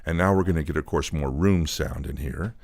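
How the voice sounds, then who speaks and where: A man with a very low, deep voice walks through how a piece of studio gear works, loose and explanatory, with plenty of ums and uhs. He sounds close and dry on a studio mic, sometimes leaning back from it. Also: brisk, creaky, darkish tone, no echo. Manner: loose, explanatory, with frequent fillers. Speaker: equipment designer demonstrating a preamp. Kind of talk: technical product demonstration. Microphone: studio microphone, moving on and off it.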